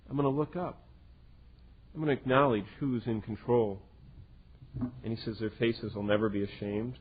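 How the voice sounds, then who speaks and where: A man preaching a sermon with a slightly husky, breathy voice, earnest and swinging from loud emphasis to hushed quiet. The recording is lo-fi and narrow, almost like a phone line. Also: medium pitch. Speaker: pastor.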